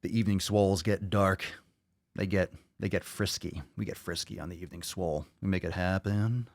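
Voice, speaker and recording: A man with a low voice hosts a casual podcast, ranting to his listeners and swearing freely. He talks on a close mic in a dry room with no echo. His delivery is loose, profane and full of drive. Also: fairly even intonation, brisk, gravelly. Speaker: podcast host. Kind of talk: casual livestream podcast chat.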